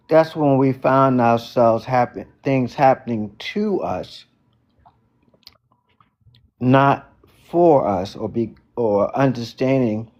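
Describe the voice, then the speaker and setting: A man speaks on an online group call, reflecting on his ideas at a very slow, deliberate pace. He leaves pauses between his thoughts. His audio comes through dull and lo-fi. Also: mid-range voice, a little mellow. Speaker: book club participant.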